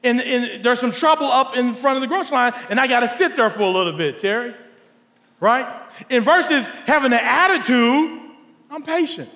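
A man preaching a sermon to a congregation, animated and storytelling, his voice sometimes rising to near shouts. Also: extremely high pitch, normal speed. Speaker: pastor. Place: large church hall. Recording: long hall reverb.

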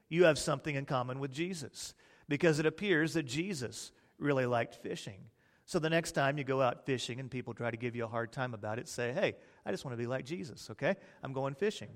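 A man preaching a sermon, swinging from hushed, drawn-out words to loud, excited bursts as he acts out the disciples' panic. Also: on the high side, in a large hall.

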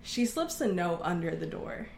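A woman's voice: fairly low pitch, very animated, moderate pace, creaky, a little hiss or hum. A woman from Oklahoma giving a candid, earnest personal testimony as an interview guest, acting out the voices of people in her story. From Oklahoma, USA. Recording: echoey room.

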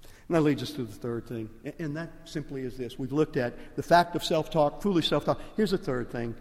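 An older man with a Cajun accent, a pastor preaching a sermon with impassioned swings from hushed to loud. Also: on the high side, brisk, big-room sound. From Louisiana, USA.

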